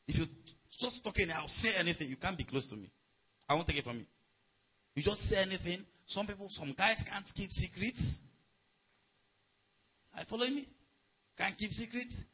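A middle-aged pastor delivers a sermon in a husky, fairly high and strikingly bright voice. He preaches emphatically, rising loud and dropping soft, and keeps asking the congregation whether they follow him. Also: poor audio.

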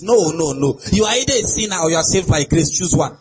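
A high, lively male voice, delivering a sing-song sermon. He swings from soft, drawn-out phrases to sudden shouts. A faint mains hum sits under the recording. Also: rough recording. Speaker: preacher.

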